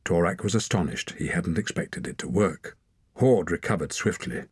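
A man narrating an adventure story in a steady, measured audiobook reading. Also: deep voice, slightly rough, no room sound, studio quality.

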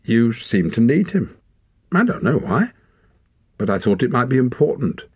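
Stubborn young forest girl, lifted and lilting, a low-voiced male narrator putting her on; audiobook character voice, husky edge, dry close recording. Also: sing-song, normal speed, dry recording. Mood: probing.

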